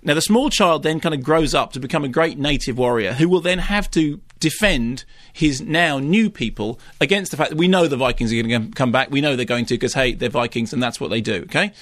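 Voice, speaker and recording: Animated ranting male radio critic. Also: mid-range voice, a little fast, hardly any pauses, no echo, studio quality. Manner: animated, ranting, mock impressions. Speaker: film critic. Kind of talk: radio film review banter. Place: radio studio.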